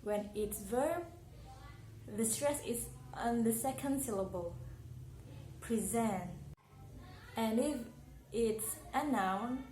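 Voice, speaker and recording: Brief: young Indonesian woman, Indonesian accent, unhurried, carefully repeats words, echoey room. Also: fairly high pitch, a little mellow. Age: young adult. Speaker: university student. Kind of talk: recorded English pronunciation lesson. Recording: echoey room with faint noise.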